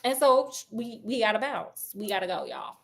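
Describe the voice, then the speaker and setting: A woman's voice: fairly high pitch, normal speed. A woman storyteller retelling a classic detective tale in a chatty, slangy way, talking straight to her listeners.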